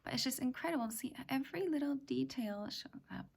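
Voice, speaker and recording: A middle-aged woman hosting a reflective self-help talk, speaking softly and often in a half-whisper, gentle and halting. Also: high-pitched, lively intonation, vocal fry. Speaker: self-help practice host. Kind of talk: soft-spoken personal reflection.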